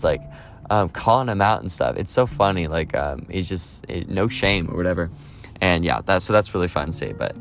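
A man chatting casually as a movie vlogger, rambling with lots of fillers and restarts. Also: low-pitched. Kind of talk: casual chat.

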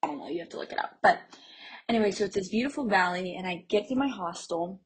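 Over a rough recording, a travel vlogger from Pennsylvania chats quickly in a mid-range voice that is very breathy and airy. She's young, and her casual story about a trip is peppered with "like" and bits of laughter between thoughts.

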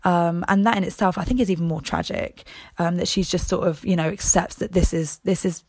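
A woman's voice: lowish voice, steady tone, fairly quick, a little mellow, no echo. A young woman casually reviewing a film, hesitant, with lots of ums and restarts.

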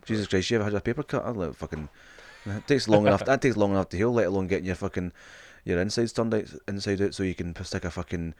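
A man's voice: on the low side, fast, darkish tone, no echo. A man co-hosting a podcast, bantering in a rambling, sweary way and laughing at his own jokes. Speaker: podcast co-host.

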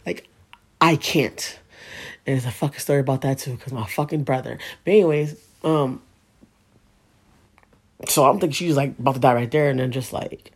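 Gravelly, husky woman telling a story. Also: very deep voice, animated, normal speed, darkish tone. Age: 30s. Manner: emotional, profane, rambling with many fillers. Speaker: vlogger. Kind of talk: personal storytelling monologue.

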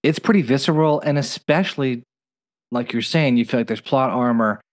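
A man's voice: mid-range voice, normal speed. A man co-hosting a casual podcast, telling stories animatedly and slipping into playful voices. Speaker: podcast co-host. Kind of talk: casual TV recap chat.

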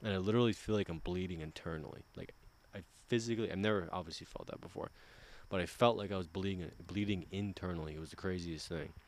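Deep-voiced man telling a profane story. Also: fast, a little hiss or hum. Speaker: podcast storyteller. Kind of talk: casual podcast chat.

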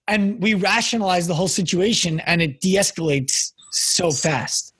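A husky man with a high voice, chatting as a podcast host. He tells stories with lively quick bursts, and his voice is recorded close and dry. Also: dry recording. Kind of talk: casual conversational interview.

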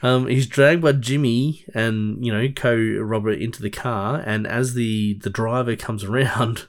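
A man's voice: mid-range voice, steady tone, a little slow. A man co-hosting a podcast, recapping a film in rambling casual chat full of fillers and restarts. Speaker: podcast co-host.

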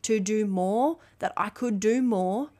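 A woman's voice: mid-range voice, slow, warm tone. A woman hosting a motivational podcast alone, talking emphatically and bluntly with frequent swearing and acting out quoted conversations. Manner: acts out quoted dialogue. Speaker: podcast host.

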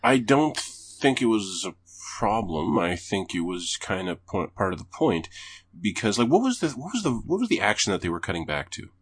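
Man, very low voice, husky, lively pitch, argumentative, swears. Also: moderate pace. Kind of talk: casual group chat.

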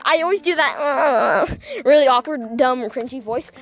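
A woman's voice: sits high, fairly quick. A young woman telling a casual storytime vlog while walking outdoors, chatty and gossipy, full of "like" fillers and laughing asides. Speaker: vlogger.

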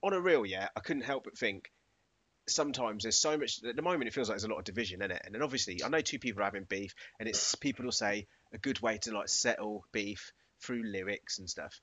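A man's voice: lowish voice, fast, a bit bright, dull audio. A man, casually chatting on a podcast, laid-back and slangy, often laughing. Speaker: podcast co-host. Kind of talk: casual chat.

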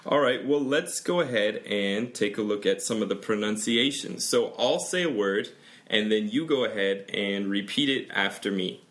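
A man's voice: fairly low pitch, normal speed, fairly bright tone. A man with an American accent hosting a bilingual podcast lesson, chatting easily and laughing often as he explains pronunciation. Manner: chatty, laughs often, switches between English and Korean. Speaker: podcast host and pronunciation teacher.

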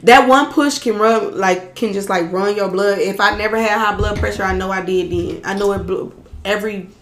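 A woman's voice: mid-range voice, moderate pace, fairly bright tone. A young woman telling an emphatic story in casual chat. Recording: echoey room.

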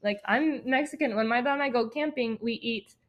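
A woman's voice: a little high, a little fast, highs cut off. Young woman chatting, lots of "like". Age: young adult. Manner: chatty storytelling, full of "like" fillers and giggles. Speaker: podcast co-host. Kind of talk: casual chat.

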